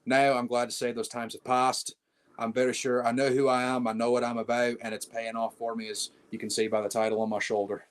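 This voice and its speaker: A man's voice: medium pitch, little pitch movement, a little fast. A brash young man, a wrestling champion, telling swaggering stories in a casual interview and calling people mate.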